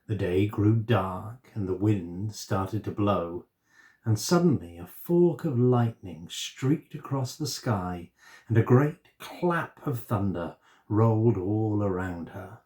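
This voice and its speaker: A man reading a children's story aloud in a gentle, expressive way. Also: fairly low pitch, takes it slowly.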